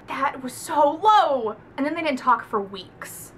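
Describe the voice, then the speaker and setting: A woman's voice: sits high, lively intonation, measured pace, hardly any pauses, a little hiss or hum. A young woman giving a casual, gushing book review, talking emphatically and swearing freely.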